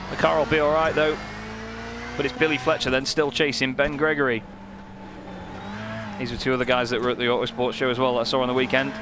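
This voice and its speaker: A young man calls the race in mid pitch, quick with a joke and lifting when the action tightens. Engine noise roars clearly behind his voice. He sounds like a seasoned race commentator. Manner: lively, joking, gets excited at close moments. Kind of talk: sim racing commentary. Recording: commentary over loud race car noise.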